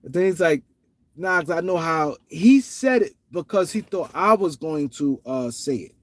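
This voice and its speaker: A man's voice: fairly high pitch, expressive, normal speed, no echo. A man from Harlem with a New York accent, hosting his show in casual, rambling commentary full of slang and repetition. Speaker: show host.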